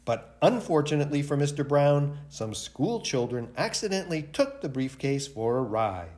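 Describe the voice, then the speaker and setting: A library director reads a picture book aloud at a children's storytime, putting plenty of expression into it. His voice is a little high and his speed is normal.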